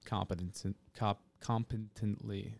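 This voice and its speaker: A man co-hosting a casual sports betting podcast, relaxed and offhand. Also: on the low side, takes it slowly, vocal fry. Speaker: podcast co-host.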